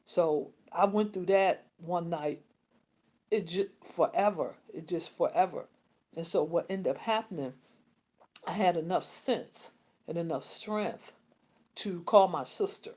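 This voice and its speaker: A woman, telling a personal story in a rambling, repetitive way with many restarts and pauses. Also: fairly low pitch, darkish tone. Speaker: vlogger.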